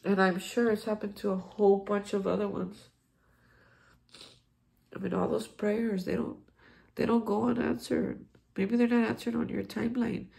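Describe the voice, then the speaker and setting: A man's voice: high voice, little pitch movement, normal speed, creaky, pauses often, darkish tone. A man hosting a daily recovery reflection, speaking in an earnest, encouraging way with frequent restarts. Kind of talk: heartfelt spiritual recovery talk.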